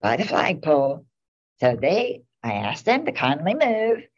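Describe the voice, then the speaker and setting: A woman's voice: deep voice, very animated, measured pace, slightly rough. A middle-aged woman and town commissioner, rambling through casual anecdotes at a meeting. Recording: dull lo-fi meeting recording.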